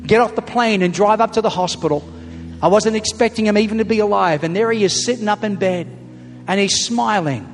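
A middle-aged man preaching a sermon as a pastor, telling a story emphatically and building to loud punchlines. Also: sits high, a little fast. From Australia. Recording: long hall reverb, faint music.

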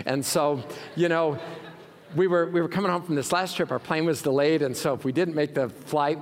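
Animated pastor preaching in a hall. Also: male voice, fairly high pitch. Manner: animated storytelling with humor. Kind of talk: sermon. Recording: reverberant hall.

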